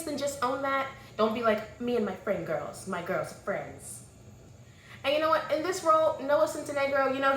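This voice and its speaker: A woman vlogger giving a casual, sassy movie review with animated, exclamatory asides. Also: fairly high pitch. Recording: echoey room.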